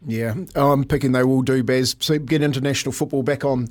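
A middle-aged man hosts a breakfast radio show. He chats loosely and laughs easily while he spins an old playing story, his voice sitting at an ordinary pitch. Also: steady tone, brisk, darkish tone. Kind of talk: casual radio chat.

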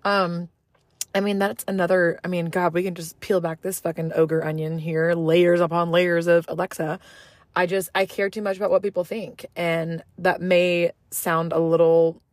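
A woman's voice: lowish voice, level tone, normal speed, no room sound. A woman from Southeast Texas hosting a casual solo podcast from inside her car, talking into a phone held to her mouth, rambling, swearing freely and poking fun at herself. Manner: rambling, profane, self-mocking. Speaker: podcast host.

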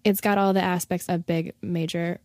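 A woman's voice: fairly low pitch, little pitch movement, moderate pace, darkish tone, dry recording. A young woman from the Chicago area chats easily in a casual conversation. She leans on "like" as a filler and laughs often. The sound is dry and close, with no room around her. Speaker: guest.

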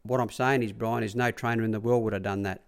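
A middle-aged man with an Australian accent recounts old stories from the stables in a relaxed, meandering way. His voice sits a little low. He keeps slipping into quoted dialogue. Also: fast talker, gravelly. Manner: rambling anecdotes, acts out quoted dialogue, repeats "I said". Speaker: racehorse track rider. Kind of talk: casual storytelling interview.

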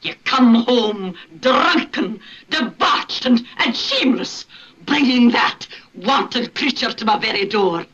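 A woman's voice: on the high side, animated, takes it slowly, fairly bright tone, husky, exaggerated voice. An actress playing a stern, pious older Scottish mother scolding her son, in an old film with a dull soundtrack. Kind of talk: 1940s film acting.

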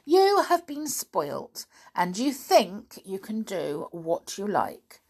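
A woman voicing a loving but stern mother, speaking firmly and in a measured way for a storybook reading. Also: medium pitch, big pitch swings, husky, heavily acted. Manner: firm and measured. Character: stern loving mother scolding her daughter.

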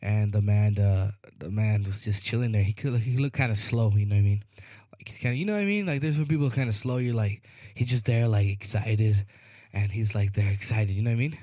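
A man's voice: on the low side, a little fast, dark tone, dry recording, clean studio sound. A man co-hosting a podcast, telling a long rambling story in casual chat, often asking "you know what I mean" and acting out the people in it. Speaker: podcast co-host.

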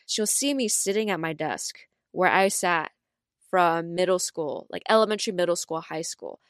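A young adult woman co-hosting a podcast in casual chat, full of fillers like "like" and "right?", telling stories with lively acted-out quotes. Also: moderate pace, clear, resonant tone, no room sound, clean studio sound. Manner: animated storyteller, acts out quotes with big pitch jumps. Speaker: podcast co-host.

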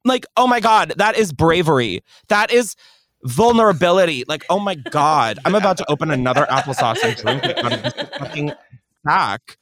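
A man's voice: fairly high pitch, sing-song, normal speed, fairly bright tone. A man hosting a podcast, answering callers' voice messages in a brash, profane, dramatic way. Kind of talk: casual advice chat.

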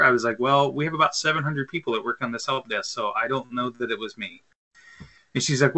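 A man's voice: mid-range voice, lively intonation, quick pace, pushed and bright. A man in his thirties co-hosting a casual podcast chat, telling long rambling stories with lots of fillers and restarts. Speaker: podcast co-host. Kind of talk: casual chat over beer.

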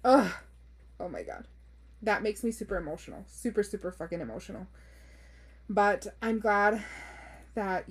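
Young woman podcast host, mid-range voice, reads listener stories aloud and reacts with frank, profane, expressive asides and bits of Spanish. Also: medium pitch. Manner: expressive and blunt, swears freely, laughs often; code-switches into Spanish phrases. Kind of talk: reading listener stories aloud with casual commentary.

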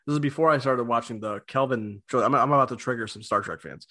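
A man's voice: mid-range voice, pushed and bright, no echo, clean studio sound. A man co-hosting a casual movie talk, often stumbling and repeating words as he gets going. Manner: halting, repeats words as he starts.

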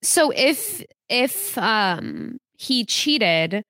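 A woman's voice: on the high side, sing-song, very slow, bright, forceful tone, no echo, clean studio sound. A young woman co-hosting a celebrity gossip podcast, speaking in an outspoken, reflective way with lots of fillers. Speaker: podcast co-host. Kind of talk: casual celebrity gossip chat.

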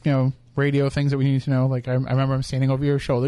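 Quick chatty radio host, a man. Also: mid-range voice, monotone, warm tone, clean tone, no echo. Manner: chatty, laughs often, quick asides. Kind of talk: casual on-air banter. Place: radio studio. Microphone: studio microphone.

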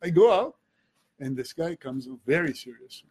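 A comedian telling a story in casual chat, animated, slipping into other voices and another language. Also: male voice, on the high side, moderate pace, husky. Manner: animated storyteller, switches between English and Armenian, does voices in quotes.

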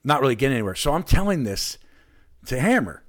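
Excited man telling a rambling story. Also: medium pitch, fast talker, crowd noise. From Alaska. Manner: excited, rambling anecdote with lively quoted voices. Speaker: podcast guest. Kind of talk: casual storytelling chat.

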